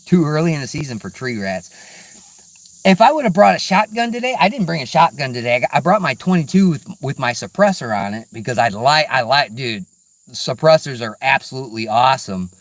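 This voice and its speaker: A man's voice: mid-range voice, expressive, a little fast, no echo. A middle-aged man vlogging casually outdoors, rambling and laid-back, peppering his talk with "dude" and "man". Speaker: hunting vlogger. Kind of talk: casual outdoor vlog chat. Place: outdoors in woods.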